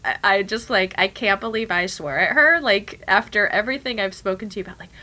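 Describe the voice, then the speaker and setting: A woman's voice: medium pitch, fairly quick, noisy background. A young woman chatting casually as a podcast co-host, telling a story animatedly and acting out her own whispered and spoken quotes. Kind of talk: casual chat.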